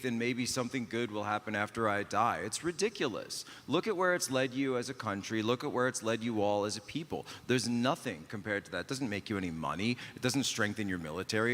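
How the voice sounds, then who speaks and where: A man voicing a boastful, contemptuous male Chinese Communist official in a put-on Chinese accent, haranguing with slow emphatic insults. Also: medium pitch, a bit bright, in a large hall, natural voice. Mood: scornful. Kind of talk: improvised comic impression on a panel.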